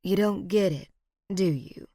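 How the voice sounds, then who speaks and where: A woman's voice: mid-range voice, warm tone, no echo, clean studio sound, natural voice. Sly flirtatious outlaw woman, purring and mocking, read by a woman narrator. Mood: matter-of-fact. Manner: purring, teasing, slow drawl.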